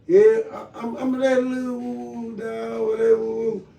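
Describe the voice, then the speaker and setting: A man's voice: extremely high pitch, little pitch movement, normal speed, creaky, mellow. A grieving man on a podcast, talking raw and profane, swinging between laughing and crying with his voice breaking. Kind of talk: emotional group conversation. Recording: echoey room, mic at a distance.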